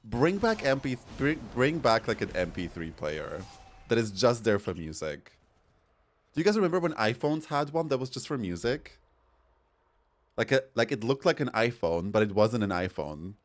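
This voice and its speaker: A man from Europe chatting casually while gaming, telling stories in a campy, animated way with swearing. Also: mid-range voice, normal speed. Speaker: streamer.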